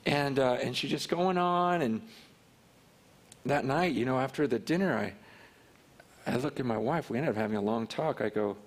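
A man's voice: mid-range voice, normal speed, pauses often. A man preaching in an earnest way, telling a personal story and acting out what others said. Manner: earnest, personal storytelling that acts out quoted speech. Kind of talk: sermon storytelling.

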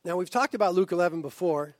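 High-voiced fervent male preacher. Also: lively intonation, fast, a little mellow, no echo. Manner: earnest, builds to fervent emphasis. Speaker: pastor. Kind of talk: sermon.

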